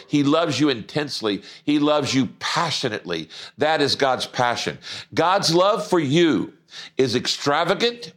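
A man preaching a Christmas morning sermon as a pastor, slowing down and stressing key words for emphasis. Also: fairly high pitch, expressive, a bit bright. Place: church.

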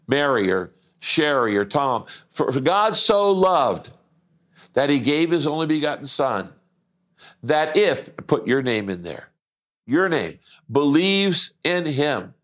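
A man preaching a sermon as a pastor, speaking earnestly and plainly, with repeated words and slowed phrases for emphasis. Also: medium pitch, a bit bright.

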